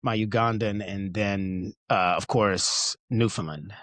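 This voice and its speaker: A man's voice: on the low side, takes it slowly, no echo. A man from Alabama, an actor, speaking earnestly and expressively in a casual interview. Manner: warm-hearted, expressive, earnest. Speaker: actor in a stage musical.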